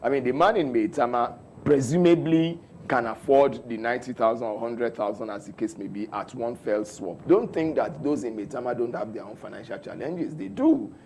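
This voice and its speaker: A middle-aged Nigerian man with a Nigerian English accent, a company spokesman explaining policy in a measured radio interview. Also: medium pitch, expressive, darkish tone, a little hiss or hum. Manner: measured, explanatory, many restarts. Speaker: head of corporate communications, studio guest.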